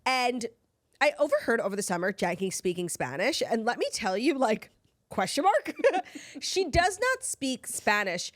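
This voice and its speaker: A woman co-hosting a podcast in casual chat, animated and laughing often as she tells stories. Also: a little high, measured pace, no room sound. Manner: animated, laughs often, gasps while storytelling. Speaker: podcast co-host.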